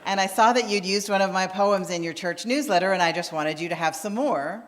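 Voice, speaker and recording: A woman's voice: mid-range voice, brisk, a little hiss or hum. A woman minister giving a sermon in a conversational storytelling manner, acting out the voices of people she quotes. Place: church sanctuary. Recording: long reverb of a church hall.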